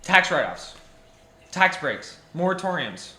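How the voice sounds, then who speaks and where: A young man delivers a passionate rant straight to camera, circling back to repeat his points and restarting sentences as he goes. His voice is bright and forceful and sits a little high for a man. The room around him rings with a noticeable echo. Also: very animated, takes it slowly. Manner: passionate, ranting, repetitive restarts, emphatic repetition. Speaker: jeweller. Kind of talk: impassioned monologue to camera.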